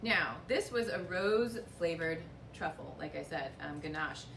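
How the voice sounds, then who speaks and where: A woman runs a relaxed wine-and-chocolate tasting lesson at a winery, upbeat and chatty with self-deprecating humor. Her voice sits low with lively intonation, vocal fry and a fairly bright tone, and she takes her time. Distant pickup in an echoey room adds a little hiss or hum.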